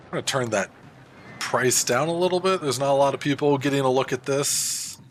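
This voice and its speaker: A man's voice: medium pitch, a little fast, a little hiss or hum. A man streaming a game from his desk at home, chatting casually and answering viewers as he plays. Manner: chatty, reads and answers chat, animated. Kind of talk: casual game livestream chat. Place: home room at a standing desk. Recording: faint music behind the voice.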